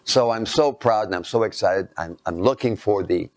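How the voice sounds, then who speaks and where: A man tells a story as part of a lecture. His voice is low and gravelly, and the sound is dry and close. He talks in a halting, self-mocking way and slips into hushed asides. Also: no echo.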